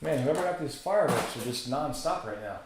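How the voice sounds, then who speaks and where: A man's voice: mid-range voice, animated, brisk, noisy background. Male card-break host, casual rattling delivery, echoey room. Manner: casual, chatty, rattles off names. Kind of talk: live card-break commentary.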